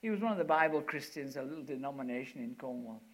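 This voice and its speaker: A man's voice: mid-range voice, lively intonation, quick pace. An older man preaching a sermon, telling a story and then urging his listeners with rising force.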